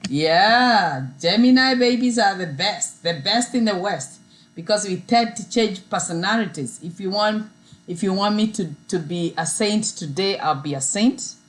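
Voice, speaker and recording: A woman's voice: mid-range voice, lively intonation, unhurried, low-quality recording. A woman hosting a casual livestream, chatting with viewers and often repeating herself. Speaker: livestream host. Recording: mains hum in background.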